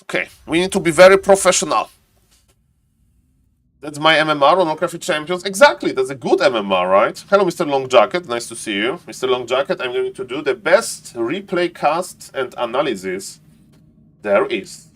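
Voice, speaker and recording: A young man streaming and commenting on a strategy game replay, excitable, talking to chat in non-native English and tripping over words. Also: mid-range voice, normal speed. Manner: excitable, talks to chat, keeps saying "ladies and gentlemen".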